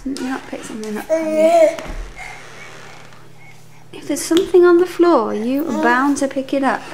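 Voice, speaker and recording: A woman's voice: sits high, expressive, normal speed, darkish tone. A young woman, a mother, talking in sing-song, coaxing baby talk at home, filmed on her phone. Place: home, indoors. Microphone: phone camera. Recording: noisy home phone video.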